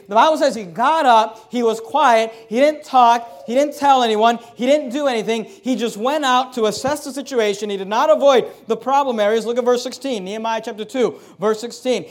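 A man with a notably high voice preaches a sermon. He reads scripture slowly and deliberately, swings up into emphatic preaching, then drops into a confiding, conversational tone. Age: adult, married. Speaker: pastor.

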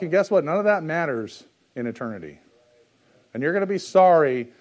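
High-voiced male preacher, fervent and folksy. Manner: preaching, swinging from low confiding talk to loud exhortation; reads scripture aloud in old-fashioned wording. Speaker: pastor. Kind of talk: sermon.

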